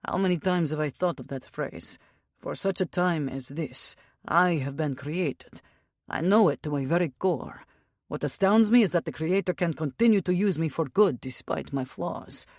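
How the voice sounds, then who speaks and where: A woman reading the inner monologue of a solemn, devout male warrior in an audiobook, measured and reflective. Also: low-pitched, darkish tone, no echo, clean studio sound. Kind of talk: audiobook first-person monologue.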